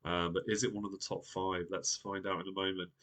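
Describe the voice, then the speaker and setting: A man's voice: sits low, little pitch movement, fairly quick, a bit bright. Chatty man hosting a live quiz. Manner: chatty and upbeat, reading viewer comments aloud. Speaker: quiz host.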